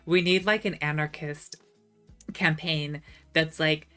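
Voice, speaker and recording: Low-voiced woman streamer, chatty and sarcastic. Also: slow pace, soft background music. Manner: chatty, animated, sarcastic asides. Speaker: streamer reading live chat. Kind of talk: casual livestream chat.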